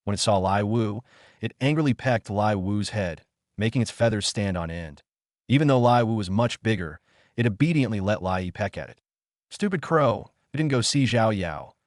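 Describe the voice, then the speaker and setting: Low-voiced man narrating a storybook. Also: normal speed, a little mellow, dry recording, clean studio sound.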